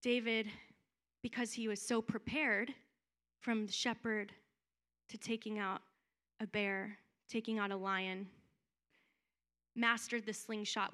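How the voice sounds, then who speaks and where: A young woman preaching a sermon in a lively, conversational way, acting out quotes as she goes. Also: fairly high pitch, measured pace, pauses often.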